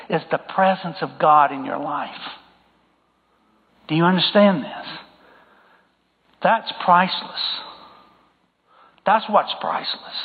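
Man preaching, high voice, emphatic, repeats himself, tinny phone-like sound, long echo. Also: husky. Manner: emphatic, repeats phrases and asks the congregation questions. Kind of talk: sermon.

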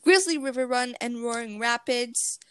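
A woman's voice: a little high, normal speed, fairly bright tone, clean tone, no echo. A woman chatting casually about theme park rides over a video call, rambling and giggly. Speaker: presenter.

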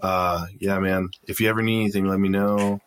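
A man telling a work story in a casual podcast chat, lively and profane, acting out the dialogue. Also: sits low, fairly quick, a little hiss or hum.

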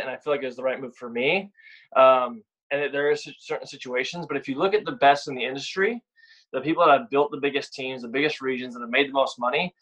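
A man's voice: mid-range voice, fairly bright tone, rough recording. A young man guest talking frankly and casually about sales, often repeating words as he starts a thought. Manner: blunt, repeats words when starting sentences. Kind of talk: casual podcast chat.

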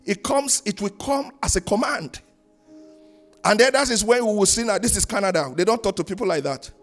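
A high-voiced man delivers a church sermon with emphatic preaching. He rises into loud, sung-out phrases and drops to low, quiet asides. Faint music sits behind him. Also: a little fast. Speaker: pastor. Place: church in Canada.

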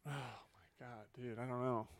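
A man's voice: medium pitch, flat delivery, measured pace, creaky. A man co-hosting a casual podcast, laid-back and hesitant, often calling his co-host dude.

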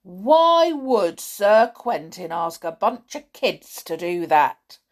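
Brief: grumpy old storybook cleaner woman, gravelly and suspicious, lively pitch, put on by a woman narrator. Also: takes it slowly. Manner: suspicious, demanding.

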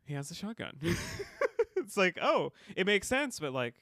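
Animated laughing male podcast host. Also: high-pitched, a little slow, dry recording, studio quality. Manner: animated, laughs often, retells scenes with quoted lines. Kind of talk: casual recap chat.

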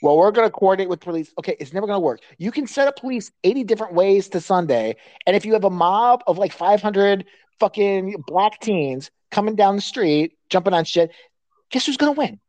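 Crude, ranting woman co-host, animated pitch, dry close mic. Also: normal speed, no room sound. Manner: crude, profane ranting, laughs often. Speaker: podcast co-host. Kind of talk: casual chat.

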